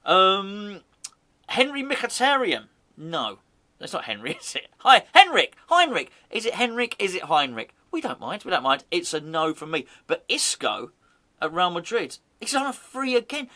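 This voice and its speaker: A man's voice: high voice, wildly swooping pitch, unhurried, sharp tone. A man hosting a fan channel, rambling and joking in casual football chat, often correcting himself mid-sentence. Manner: rambling, jokey, self-correcting.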